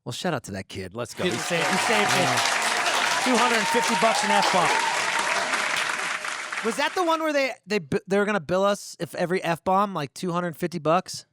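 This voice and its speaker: Excitable high-voiced man in his thirties. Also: normal speed, over a noisy crowd, heavy background noise. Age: 30s. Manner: loud, profane, excitable. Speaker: podcast host and bandleader. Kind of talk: casual podcast chat.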